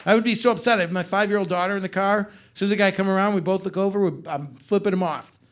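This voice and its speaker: A man's voice: high-pitched, very fast. A middle-aged man doing a stand-up comedy set on a club stage, telling stories and joking with the crowd. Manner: animated storytelling with crowd work.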